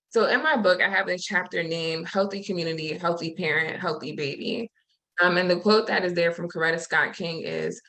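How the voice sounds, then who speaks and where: A woman presenting over a video call who leads a slow, soothing breathing exercise and reads affirmations aloud. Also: on the low side, low-quality recording. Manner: soothing, slow guided meditation cues, warm affirmations. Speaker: summit presenter.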